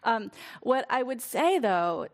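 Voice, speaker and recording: A woman's voice: a little high, very animated, takes it slowly. A woman speaking as a guest in a panel discussion, earnest and thoughtful, with frequent fillers.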